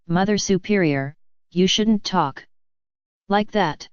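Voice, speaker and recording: A woman's voice: mid-range voice, slow, clear, resonant tone, dry recording, lo-fi sound, lightly acted. A woman voicing a shocked elderly male monsignor who scolds, then joins in. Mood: scolding.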